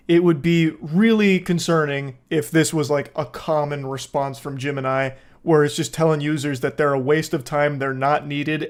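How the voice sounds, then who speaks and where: A young man giving casual, deadpan and sarcastic commentary as a host, swearing freely. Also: on the high side.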